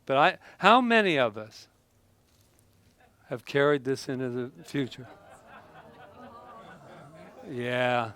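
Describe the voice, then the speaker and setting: Bright, animated man giving a talk. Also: medium pitch, slow, long pauses, clear, resonant tone. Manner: animated and playful, laughs and exclaims often. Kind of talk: live motivational talk with props.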